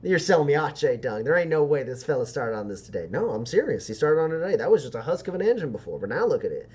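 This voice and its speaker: A man's voice: a little high, sing-song, fast talker, darkish tone, husky, highs cut off. Man plays impressed, gossiping grease-monkeys, folksy slang. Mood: amazed. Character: rough-talking male mechanics, impressed.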